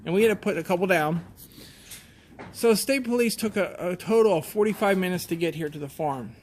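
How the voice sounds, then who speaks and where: High-voiced plainspoken farmer man. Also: a little mellow, a little hiss or hum. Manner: plainspoken, halting, shaken retelling. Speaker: goat farmer. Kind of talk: casual storytelling.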